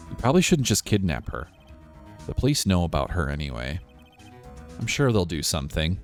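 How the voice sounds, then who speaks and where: A man's voice: deep voice, big pitch swings, a little fast, soft background music. A man as a wary young defense lawyer.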